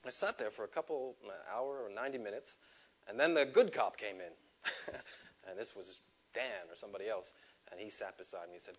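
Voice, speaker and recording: A man telling a personal story to a live audience, animated, laughing at himself and acting out the quotes. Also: fairly low pitch, a little fast, breathy edge, lo-fi sound. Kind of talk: storytelling talk. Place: stage before a live audience.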